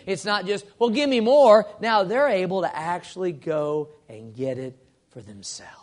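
High-voiced man preaching a sermon. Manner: earnest teaching, reads scripture slowly. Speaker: pastor.

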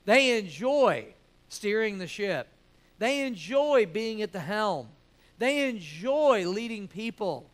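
Man, high voice, church preacher, joking, calls out to the congregation. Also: animated, measured pace, fairly bright tone. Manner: jokey, calls out "amen?" and "right?" to the congregation. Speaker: preacher teaching a church class. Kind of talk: sermon.

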